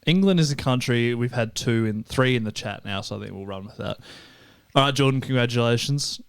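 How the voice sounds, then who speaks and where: A man's voice: mid-range voice, fairly quick, vocal fry, clean tone, no room sound. A man co-hosting a podcast, making wry asides in casual banter. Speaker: podcast co-host.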